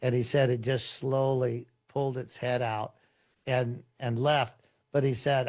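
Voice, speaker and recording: A pastor speaking as a podcast guest, unhurried and conversational as he tells a story. His voice sits at an ordinary middle pitch for a man, neither deep nor high. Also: little pitch movement, a little mellow.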